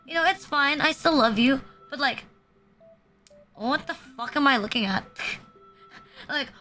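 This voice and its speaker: A woman's voice: sits high, sharp tone. A young woman streaming from home, chatting casually in a crude, rambling way full of fillers, often laughing. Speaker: VTuber streamer. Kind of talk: casual live-stream chat.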